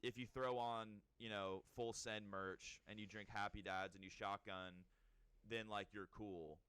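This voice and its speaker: A young man co-hosting a podcast, chatting casually in a rambling way with quick restarts. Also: lowish voice, steady tone, a bit bright, clear, resonant tone, no echo. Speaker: podcast co-host. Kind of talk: casual chat.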